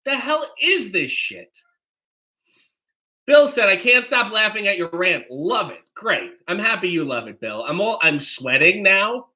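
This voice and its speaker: A man's voice: sits high, sing-song, moderate pace, hardly any pauses, pushed and bright. A man with a cold hosting a live stream, reading viewer comments aloud and launching into profane, mock-indignant rants. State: has a cold.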